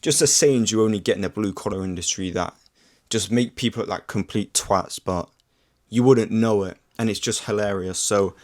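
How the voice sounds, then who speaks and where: With a lowish, darkish voice at a moderate pace, a young man rambles through a sweary story to camera. He leans heavily on fillers, especially "like," and it's all picked up by the camera mic as he vlogs.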